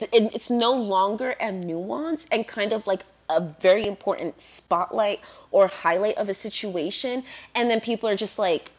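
A woman vlogger ranting casually, rambling and animated, full of "like". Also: a little high. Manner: rambling, animated, heavy use of "like". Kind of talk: casual rant to camera. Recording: dull lo-fi recording.

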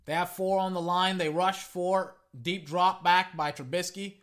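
A young man narrates a football game in a loose, chatty play-by-play. His voice sits high and sounds bright and forward. He wanders into side comments and restarts his sentences often. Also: steady tone, a little slow. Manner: rambling, chatty, with frequent restarts and asides.

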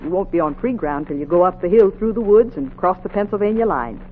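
An actress playing a steady, devout Quaker woman who shelters runaways, speaking firmly in an old radio drama. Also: on the low side, fast, lightly acted. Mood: instructive. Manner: steady, firm, righteous. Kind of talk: 1950s radio drama acting. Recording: tinny old radio recording with hiss.

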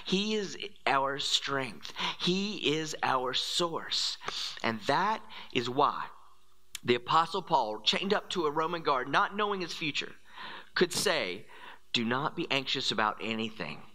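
Pastor, male, bright clear tone; preaches with dramatic hushed whispers and sudden fast bursts. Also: on the high side, expressive. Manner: sudden quick, rising bursts. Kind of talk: sermon.

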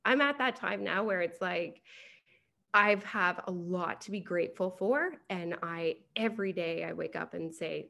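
Chatty woman with a gravelly voice. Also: lowish voice, measured pace, sharp tone. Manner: chatty, rambling, laughs often. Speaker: podcast guest, hair removal business owner. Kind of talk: casual interview chat.

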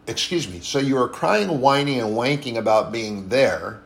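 A man with a gravelly, fry-edged voice delivers a sermon in a loose, conversational manner. He circles back on his points, repeating phrases for emphasis, and stops now and then to correct himself. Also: mid-range voice, animated, normal speed, hardly any pauses. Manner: conversational, repetitive and emphatic, with frequent restarts and apologies. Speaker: preacher.

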